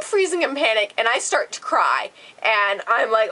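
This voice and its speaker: A woman vlogger telling a dramatic storytime, animated and swearing freely. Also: a little high, moderate pace, few pauses, rough recording. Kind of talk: storytime vlog.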